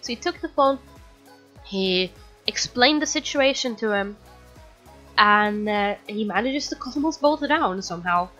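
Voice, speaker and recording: A woman's voice: mid-range voice, expressive, unhurried, pushed and bright, highs cut off, soft background music. A woman casually telling a personal story, rambling with lots of fillers and restarts. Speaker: storytime video creator.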